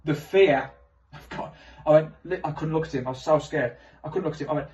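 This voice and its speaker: A man doing animated, self-mocking stand-up storytelling on stage. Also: on the high side, fairly quick, far from the mic, poor audio. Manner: animated, self-mocking, swings into loud exclamations. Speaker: stand-up comedian.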